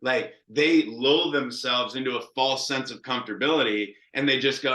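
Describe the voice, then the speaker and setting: A man's voice: mid-range voice, moderate pace, roomy sound, poor audio. A man in his thirties, a quarterback coach, telling stories in casual, profane talk and acting out quotes with lots of energy. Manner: profane, animated storytelling with acted quotes.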